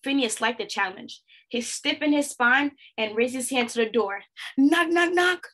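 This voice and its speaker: Expressive woman reading a storybook aloud. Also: a little high, normal speed. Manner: expressive, questioning the listeners.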